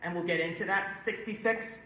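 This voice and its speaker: A man conducting a string rehearsal, coaching briskly and singing parts with nonsense syllables. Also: sits high, pushed and bright. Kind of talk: rehearsal instruction. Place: church sanctuary. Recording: roomy church echo with instruments.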